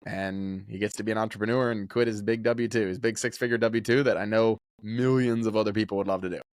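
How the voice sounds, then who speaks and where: A man in his thirties, a podcast guest chatting casually and telling animated stories. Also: lowish voice, fast, dry recording, clean studio sound. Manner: animated storyteller, often slips into voices when quoting people. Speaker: podcast guest, real estate investor. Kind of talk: casual interview chat.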